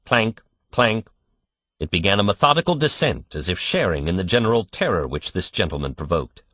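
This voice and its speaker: A man narrating an audiobook in a measured, expressive storytelling manner. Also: low-pitched, slightly rough, no echo. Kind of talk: scripted narration.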